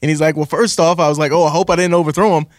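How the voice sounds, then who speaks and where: A man co-hosting a sports radio talk show, retelling a story in a quick conversational way. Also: on the high side, steady tone, no echo, studio quality.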